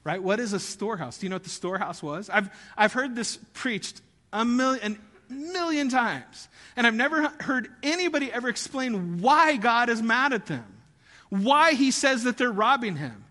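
A high, bright male voice preaching to a congregation in an animated, conversational way, pushing up into emphatic peaks. The sound carries a long reverb tail from a large hall. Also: moderate pace. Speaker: pastor. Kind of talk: sermon.

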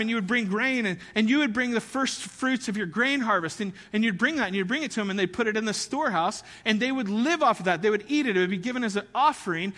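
A man's voice: very high voice, bright, forceful tone, long reverb tail. A man preaching a sermon as pastor, conversational and often asking the audience questions.

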